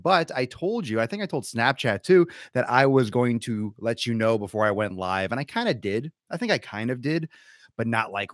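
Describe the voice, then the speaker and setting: A man hosting a live fitness podcast, loud, crude and hyped like a showman. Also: mid-range voice, no echo, studio quality. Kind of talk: live-streamed casual podcast.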